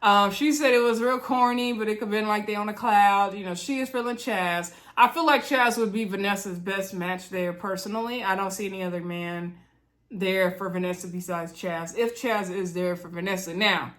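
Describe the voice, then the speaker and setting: A woman's voice: mid-range voice, steady tone, normal speed, fairly bright tone. A young woman, chatting casually and gossiping to viewers as she recaps a reality show, often calling out to them directly. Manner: chatty, gossipy, addresses viewers as y'all, acts out quotes.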